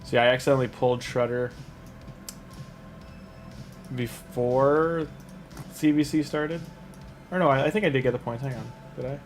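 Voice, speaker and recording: A man streams a game live and chats with his viewers as he plays. He rambles in a relaxed, easygoing way and laughs easily. His voice sits at a middling pitch, and soft background music plays underneath. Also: moderate pace, pauses often. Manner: chatty, rambling, talks to chat, laughs easily. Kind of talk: casual live-stream commentary while playing.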